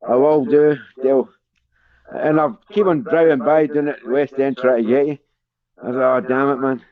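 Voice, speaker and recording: A man's voice: mid-range voice, fairly even intonation, moderate pace, narrow, tinny audio. A man with a Scottish accent chatting casually, rambling and swearing as he tells jokes. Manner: sweary, rambling joke-teller. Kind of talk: casual street chat.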